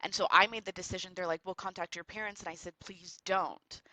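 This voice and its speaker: A woman from Texas, a podcast guest, telling a personal story in an earnest, reflective way with quick run-on phrases. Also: lowish voice, steady tone, bright, forceful tone, no echo, low-quality recording.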